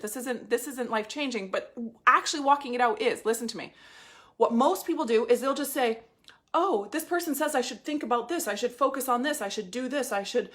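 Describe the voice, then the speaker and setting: A woman in her thirties leading a live business coaching session, blunt and profane, talking fast with lots of energy. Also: fairly high pitch, bright, forceful tone.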